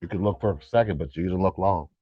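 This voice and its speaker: A middle-aged man co-hosting a live stream, chatting casually, animated and joking, swearing now and then. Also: low voice, fast, slightly rough, no room sound, lo-fi sound. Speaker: co-host.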